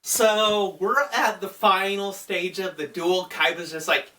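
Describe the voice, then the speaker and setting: A man's voice: high voice, steady tone, takes it slowly, few pauses, pushed and bright, far from the mic. A man casually recapping an anime movie, chatty with fillers like "uh" and "like". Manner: chatty, with frequent fillers and laughs. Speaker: anime commentator.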